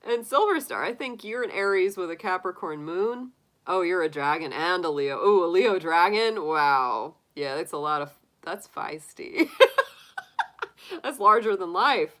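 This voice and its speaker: A woman's voice: fairly low pitch, lively intonation, normal speed, fairly bright tone, poor audio. A woman hosting a tarot live stream, chatting casually with viewers, laughing often and acting out little quotes.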